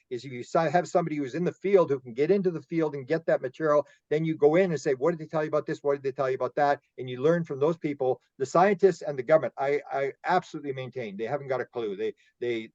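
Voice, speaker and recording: A man's voice: fairly high pitch, quick pace, few pauses, darkish tone, no echo, highs cut off. A man speaking as a guest in a casual roundtable discussion, rambling and repeating words as he tells his stories.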